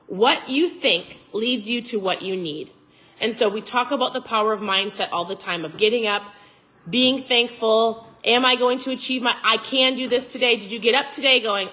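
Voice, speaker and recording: Brief: woman vlogger, motivational talk, fired up and nearly yelling, bright and a touch high. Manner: emphatic, preachy.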